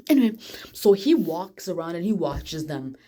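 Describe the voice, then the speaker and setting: A woman excitedly recapping a show's plot in a chatty, casual way. She jumps back and forth through the story. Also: on the low side, normal speed. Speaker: vlogger.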